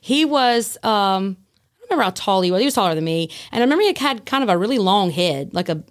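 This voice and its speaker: Animated woman telling a story. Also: medium pitch, quick pace. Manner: animated, acts out dialogue in her story. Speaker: guest, former prison staff. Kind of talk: casual podcast storytelling.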